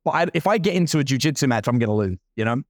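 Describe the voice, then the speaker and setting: A man's voice: medium pitch, expressive, rapid-fire, no room sound, studio quality. A man in his forties telling a story in casual talk, playing out the other people's lines as he goes. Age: 40s. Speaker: guest entrepreneur.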